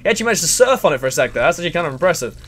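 A man giving crude, excitable let's play commentary and chatting to the characters in the game. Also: on the high side, racing. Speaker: gaming channel host.

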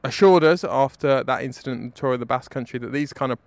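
A man's voice: mid-range voice, fast talker, dry recording. A man, giving a wry, rambling spoken dispatch as a correspondent. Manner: wry, rambling, self-mocking.

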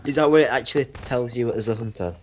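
A man's voice: medium pitch, fast talker, a little hiss or hum. A young man, chatting dryly and teasingly over a game he is playing with a friend. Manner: dry, teasing and deadpan. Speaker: gamer co-host. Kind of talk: casual gaming commentary.

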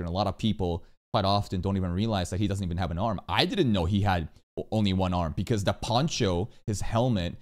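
A streamer gives casual reaction commentary, swearing often. He swings from calm explanation into loud, high-pitched rants.

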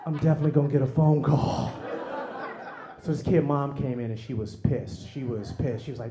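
A male stand-up comedian telling a story in an animated way. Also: fairly high pitch, fast talker. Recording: echoey room, faint noise.

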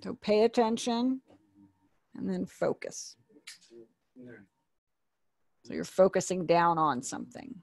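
A woman's voice: on the low side, expressive, slow, gravelly, long pauses, dry recording, studio quality. A woman teaching an online sign language class, patiently explaining and repeating each word.

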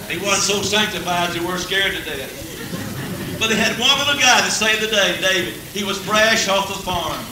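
A man with a high-pitched voice speaking at normal speed preaches a folksy revival sermon during a church service, joking, chuckling often and building to fervent peaks. It's an old, echoey church tape recorded from a distance with faint hiss.

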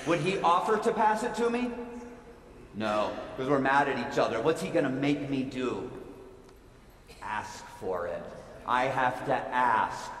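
A man's voice: medium pitch, sing-song, unhurried, a bit bright, slight background noise. A man giving a playful children's sermon, asking his listeners lots of questions. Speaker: pastor. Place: church sanctuary. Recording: echoey church hall with long reverb.

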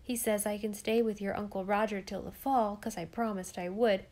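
A woman's voice: mid-range voice, steady tone, moderate pace, a little mellow, natural voice. A woman reading the lines of a solemn, earnest young farm boy who talks in plain rustic speech. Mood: eager.

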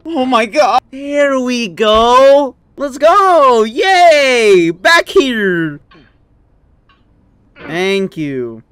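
A gaming YouTuber giving let's play commentary, raging and swinging between sudden yelps and low muttering. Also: lively intonation, slow, fairly bright tone, smooth, no echo.

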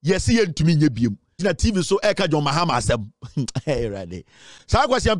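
Brief: middle-aged Ghanaian man, high voice, mocking online rant, dry close mic. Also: big pitch swings, quick pace, no echo. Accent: Ghanaian English. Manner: mocking, taunting, switches into Twi. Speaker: online commentator. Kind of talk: ranting commentary.

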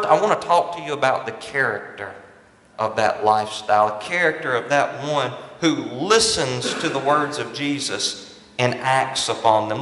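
A man's voice: medium pitch, a bit bright. A man preaching a sermon from the pulpit, stressing and repeating his key points. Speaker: pastor. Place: large church sanctuary. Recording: echoey church hall with long reverb.

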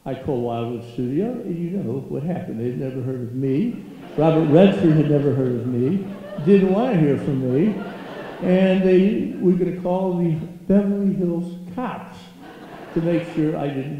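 A man's voice: fairly high pitch, normal speed. A man giving a humorous, self-mocking keynote talk at a stage microphone in a large hall. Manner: self-mocking, comic timing. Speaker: keynote speaker. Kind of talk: humorous storytelling speech. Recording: echoey hall, dull lo-fi sound.

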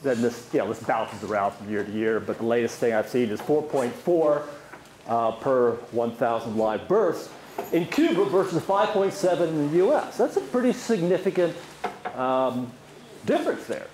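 Lively male professor in echoey hall. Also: medium pitch, moderate pace. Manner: lively, quizzing the audience, many fillers. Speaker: economics professor giving a guest lecture. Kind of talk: university lecture with questions to the audience. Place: lecture hall. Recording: echoey lecture hall, faint noise.

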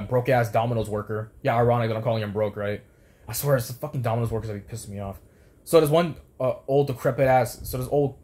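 A young man tells a story at a rapid clip, swearing freely and circling back on his own words in restarts. His pitch sits in an everyday middle range, and he sounds worked up and irritated throughout. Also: warm tone. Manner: rambling, heated, lots of restarts and swearing. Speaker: former fast food worker. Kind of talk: profane storytelling rant.

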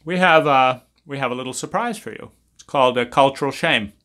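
A man's voice: mid-range voice, a little fast, a bit bright. A man teaching about trauma in an intense, impassioned monologue, swearing and hammering points through repetition. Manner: intense, profane, repetitive emphasis.

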